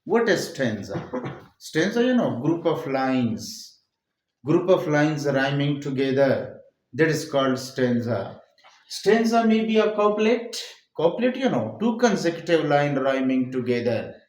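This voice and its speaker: A man's voice: a little high, big pitch swings, a little slow, darkish tone. A man with a Pakistani English accent, teaching poetry in a classroom lecture and repeating key phrases step by step. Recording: echoey room.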